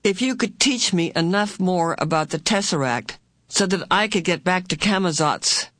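A mild middle-aged father mumbles his words in a halting, apologetic way, voiced by a woman reading aloud. The sound is dry and close. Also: lowish voice, expressive, fairly bright tone, no echo.

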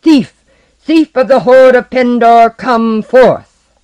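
A man's voice: on the high side, big pitch swings, measured pace, dry recording. A man voicing an arrogant, boastful sorcerer sea lord in a story reading, taunting, proud and commanding. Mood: shouting. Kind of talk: audiobook reading.

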